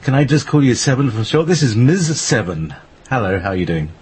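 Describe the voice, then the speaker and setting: A man hosting an internet radio talk show, slow and rambling with many fillers. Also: mid-range voice, very animated, a little mellow, slightly rough. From Scotland. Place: home studio in northern Scotland.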